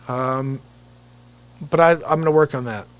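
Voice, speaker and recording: A man from New Jersey hosting a casual live stream as a comedian, telling rambling, animated stories. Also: mid-range voice, measured pace. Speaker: comedian and livestream host. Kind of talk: casual livestream chat.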